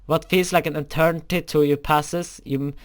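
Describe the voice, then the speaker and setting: A man's voice: on the high side, fairly even intonation, moderate pace. A young man reading a fan story aloud, often stumbling over words and correcting himself.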